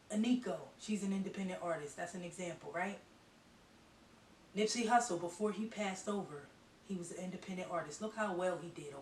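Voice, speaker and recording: Psychic reader, female: blunt, emphatic, repetitive. Recorded with a roomy echo off a distant mic and faint hiss. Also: fairly low pitch. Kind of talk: channeled tarot-style reading to viewers.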